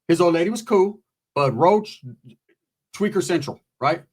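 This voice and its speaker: Husky man telling a profane story. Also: sits high, measured pace. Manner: profane, animated, acts out quoted voices. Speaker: comedian storyteller. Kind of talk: stand-up storytelling.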